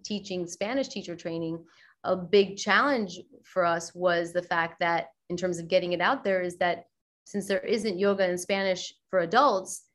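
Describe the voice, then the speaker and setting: A middle-aged woman yoga teacher, talking as a guest in a relaxed interview, lively and quick to act out the voices she quotes. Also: lowish voice. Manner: animated, acts out quoted voices. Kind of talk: casual interview chat.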